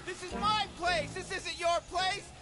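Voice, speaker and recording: A man's voice: very high-pitched, a little slow, a crowd in the background. A man voicing a furious, territorial tree-dwelling man in a comedy video game, screaming and swearing possessively over his things. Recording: game audio under loud soundtrack music.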